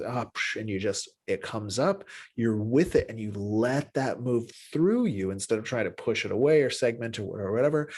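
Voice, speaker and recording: A man of middle pitch gives a spoken lesson on empathy. His talk is loose and full of restarts and "right?" tags. He leaps up in pitch whenever he acts out short exchanges between people. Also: breathy edge. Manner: animated, acts out little dialogues with pitch jumps. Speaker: teacher of an empathy class. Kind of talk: spoken class lecture.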